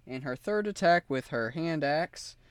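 A woman's voice: deep voice, animated, unhurried, clean tone, no room sound. A woman running a tabletop game as game master, laughing often as she narrates.

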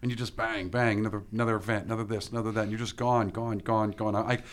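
A man's voice: fairly low pitch, steady tone, quick pace. A man co-hosting a casual podcast chat, telling a light, jokey story about his work. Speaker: podcast co-host.

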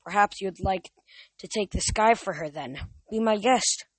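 A young man voicing a cruel, gloating Titan father who speaks in a slow, mocking, booming way in a storybook reading. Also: dry recording.

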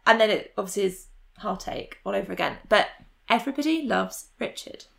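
A woman's voice: mid-range voice, expressive, a little fast, vocal fry, slight background noise. A woman guesting on a podcast, playful, teasing and blunt in casual chat.

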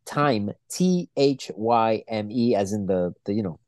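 Young male co-host, mellow voice, dry close sound, profane and rambling. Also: fairly low pitch, lively intonation, unhurried, dry recording. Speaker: podcast co-host. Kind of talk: casual chat.

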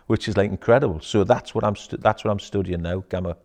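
A man talking as an interview guest in a wellness centre. He is animated and quick to swear, peppering his talk with "aye" and "mate.". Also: fairly low pitch, creaky. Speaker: guest, emotional intelligence coach. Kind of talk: casual interview chat.

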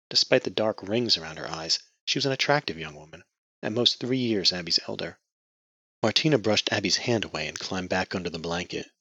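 A man narrating a novel in measured, scripted storytelling. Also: sits low, vocal fry, sharp tone, breathy edge, dry recording. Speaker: audiobook narrator. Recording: muffled lo-fi dry recording.

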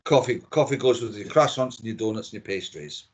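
A middle-aged man with a Scottish accent, talking as a guest on a podcast. His voice sits low, and he chats in a relaxed, opinionated way, often repeating words as he goes. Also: a little fast, breathy edge. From Scotland. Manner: chatty and opinionated, with frequent repeats. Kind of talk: casual podcast interview.

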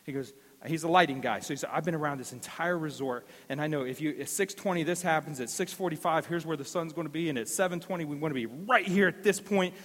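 A man's voice: a little high, fast, few pauses, fairly bright tone. Man preaching in a reverberant hall. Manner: storytelling preacher, emphatic repetitions. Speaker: pastor. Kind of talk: sermon.

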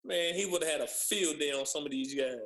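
Animated storytelling man in an echoey room. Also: on the high side, fairly quick. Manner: animated storyteller, acts out others' lines. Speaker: former pro basketball player guest. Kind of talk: casual storytelling on a podcast.

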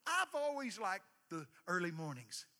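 A man preaching a sermon, emphatic, swinging from hushed asides to shouted lines and calling for responses. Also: sits high, big pitch swings, moderate pace, big-room sound. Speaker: pastor.

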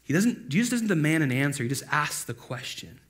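Lively, chatty male preacher. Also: a little high, brisk. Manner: animated, acting out quoted voices with loud outbursts; conversational, full of "like" and asides. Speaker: pastor. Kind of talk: casual sermon.

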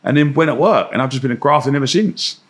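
Young man, animated storyteller who does the voices, mid-range pitch. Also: fast talker, slightly rough. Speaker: guest. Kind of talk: anecdotal storytelling.

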